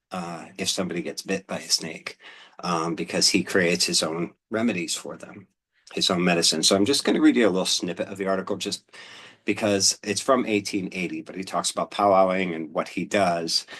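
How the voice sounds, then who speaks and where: A man talking casually as a show host, rambling a bit with fillers and restarts, now and then reading from an old newspaper. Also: low-pitched. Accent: Pennsylvania. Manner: relaxed, rambling, with many "um"s and restarts.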